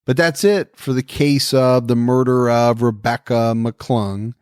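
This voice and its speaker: A man's voice: mid-range voice, fairly even intonation, measured pace, a little mellow, smooth, no echo, studio quality. A man co-hosting a podcast, chatting in an easygoing way. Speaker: podcast co-host. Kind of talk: casual chat.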